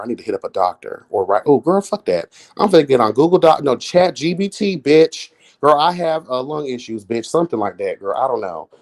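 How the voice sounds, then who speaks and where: A man doing casual live-stream commentary, sassy and flamboyant, swearing often, jumping into high exclamations and chatting with viewers. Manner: chats with viewers in chat.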